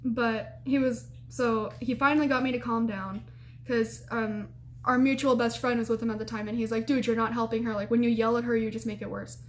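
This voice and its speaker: Speaking fairly quickly in a high-leaning voice, with a little background noise, a college-age woman shares a personal story casually. Her delivery is animated: she quotes people loudly, acting out their words, and laughs often.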